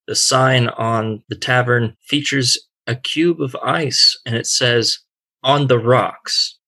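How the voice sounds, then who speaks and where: A man running a tabletop game as game master, narrating the scene in a deliberate, descriptive way. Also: mid-range voice, sharp tone.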